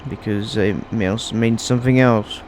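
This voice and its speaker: A man's voice: on the low side, steady tone, a little slow, darkish tone, a little hiss or hum. A man giving casual gameplay commentary as a YouTuber, often restarting his sentences and wandering into asides. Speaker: gaming YouTuber.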